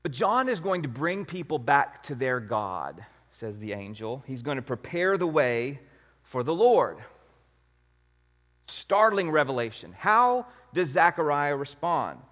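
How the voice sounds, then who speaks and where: A man's voice: on the high side, sing-song, measured pace, fairly bright tone. Conversational man preaching in a hall. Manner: conversational, rhetorical questions, emphatic. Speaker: pastor. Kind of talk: sermon.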